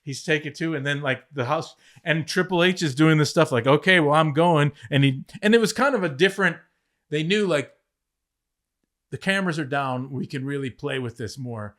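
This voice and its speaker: Animated, swearing man telling backstage stories. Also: a little high, normal speed. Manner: animated, profane, acts out quotes mid-story. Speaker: former head writer of a wrestling show, podcast guest. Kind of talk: casual storytelling chat.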